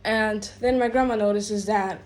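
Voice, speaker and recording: A woman's voice: mid-range voice, steady tone, moderate pace. A woman telling a rambling, exasperated storytime rant, full of "like" and "bro" fillers. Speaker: vlogger.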